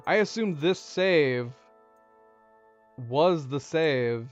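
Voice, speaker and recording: A man's voice: a little high, animated, extremely slow. Let's-play host: casual, musing man, slightly dull mic, faint game music behind. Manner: chatty, musing, chuckles often. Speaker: gaming channel host.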